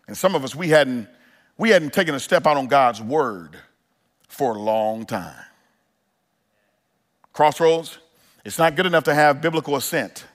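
A man's voice: medium pitch, fairly bright tone. A male pastor preaching a sermon in an earnest style, building to emphatic peaks and often restarting his phrases.

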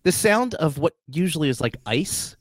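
A man's voice: fairly high pitch, moderate pace, dry recording, clean studio sound. A man co-hosting a casual podcast chat, telling a story with a lot of swearing and breaking into laughter often. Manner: laughing, profane, lively storytelling. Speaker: podcast co-host.

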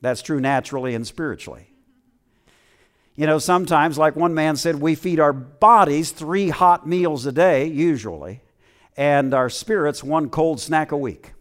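A man's voice: fairly high pitch, measured pace. A middle-aged man delivers a sermon in a slightly raised voice. He preaches casually, stumbling over fillers and drawing amens from the room. It's pastoral storytelling mixed with scripture.

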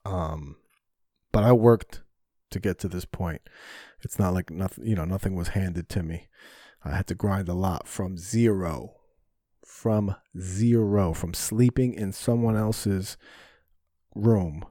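Low, warm and a little slow, this man's voice comes through dry and clean from a studio. He's alone on his podcast, talking openly and self-reflectively in a rambling way, and he tends to curse when frustrated.

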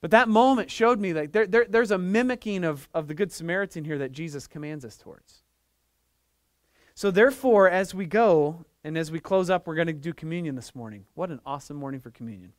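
A man's voice: on the high side, expressive, a little fast, no room sound, clean studio sound. A middle-aged man preaching a sermon as pastor, telling a story and building to fervent emphasis. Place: church.

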